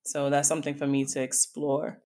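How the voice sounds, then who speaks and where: A woman's voice: deep voice, completely flat delivery, brisk, mellow. A middle-aged woman hosting a solo podcast, talking candidly and confidingly and speaking straight to her listeners. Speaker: podcast host and coach. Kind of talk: reflective solo podcast talk.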